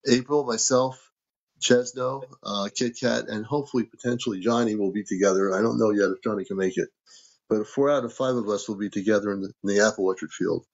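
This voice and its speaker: A man hosting a casual livestream from home, with a low, gravelly voice. He reads out viewer comments and thanks people for gifts in an easygoing way. The sound is dull and lo-fi. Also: steady tone, brisk, darkish tone. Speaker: livestream host.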